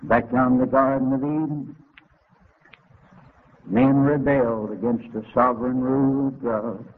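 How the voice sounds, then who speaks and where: A man preaching a sermon, telling a homespun story dramatically and climbing to emotional high points. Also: fairly even intonation, a little slow. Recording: tinny lo-fi narrow-band recording.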